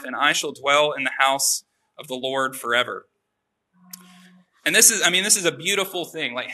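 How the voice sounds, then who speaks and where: A man's voice: on the high side, bright, forceful tone. A young adult man preaching a casual sermon, telling a personal story with many fillers and asides. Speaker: pastor.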